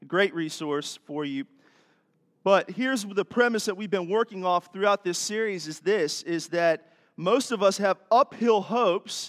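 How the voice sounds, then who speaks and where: A man's voice: high voice, a bit bright. A man preaching to his church congregation, folksy and chatty, with friendly asides to the audience. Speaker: pastor. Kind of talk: sermon with jokes. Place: church sanctuary. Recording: long church reverb.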